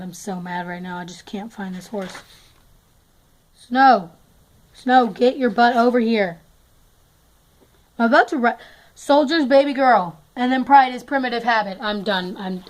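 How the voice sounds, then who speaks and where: A woman's voice: fairly high pitch, rough recording. Rambling, self-mocking chatty woman. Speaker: toy collector giving a tour. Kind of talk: casual chat.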